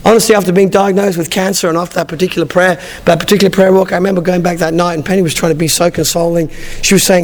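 A middle-aged man preaching a sermon, telling personal stories in an animated way with frequent restarts. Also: high-pitched, racing, some chatter behind. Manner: animated storytelling, frequent restarts, acts out dialogue. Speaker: pastor.

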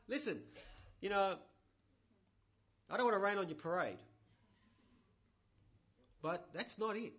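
Aussie pastor preaching, high bright voice, chatty with emphatic bursts, dull lo-fi recording. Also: male voice, normal speed, pauses often. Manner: conversational, many 'you know' fillers, rising emphatic bursts. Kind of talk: sermon.

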